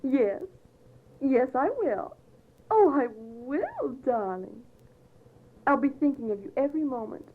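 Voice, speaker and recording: A woman's voice: high-pitched, animated, measured pace, long pauses, phone-quality sound. A woman reading a comedy play aloud, voicing a gushing, theatrical actress who swoons breathlessly over a lover. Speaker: amateur reader performing a comedy play. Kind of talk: read-aloud play scene.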